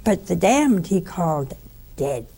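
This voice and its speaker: A woman giving a conversational spiritual teaching, telling stories with lively asides to her listeners. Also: on the low side, slow, slightly rough.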